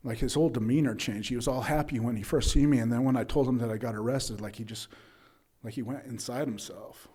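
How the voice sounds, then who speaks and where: A man at a recovery meeting recounting his own story at an average pitch. He talks loosely and conversationally, leaning on "right?" and plenty of fillers. He slips into the voices of the people in his story. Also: quick pace, mellow, husky. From Utah, USA. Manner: acts out dialogue of others in his story. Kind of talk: personal recovery testimony.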